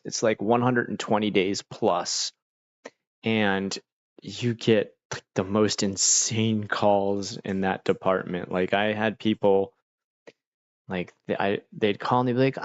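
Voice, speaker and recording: A man's voice: fairly low pitch, creaky, no room sound, muffled recording. A man casually telling rambling stories on a chill stream, loose and full of fillers.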